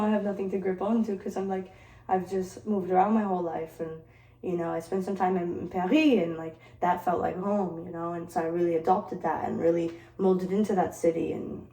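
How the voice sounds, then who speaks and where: A playful woman vlogger from Detroit, her voice low and dark, chats casually while working, with a mixed, partly British-sounding accent. She laughs often and switches into French. A distant camera captures her in an echoey room.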